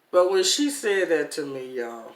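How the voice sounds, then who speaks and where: A middle-aged woman telling a personal story to her viewers in a casual, animated way, calling them "y'all". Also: low-pitched. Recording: echoey room.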